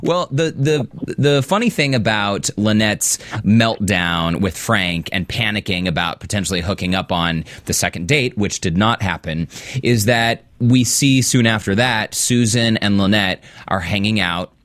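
A man's voice: fairly low pitch, measured pace, a bit bright, no room sound. A man co-hosting a podcast, chatting casually about a TV episode and laughing often. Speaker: podcast co-host. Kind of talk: casual TV recap chat.

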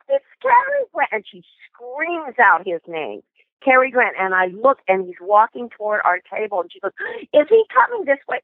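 An older woman, a guest in an interview, tells lively anecdotes and often restarts her sentences. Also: mid-range voice, no echo. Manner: animated anecdotes with many restarts. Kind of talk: storytelling interview. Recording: tinny phone line.

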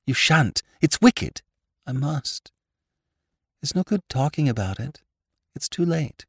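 A tearful young woman in a storybook reading, her voice pitched high and soft, pleading and close to breaking, as a man reads her part. The sound is dry and close. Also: big pitch swings, slow pace, breathy edge, no room sound, exaggerated voice. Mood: miserable.

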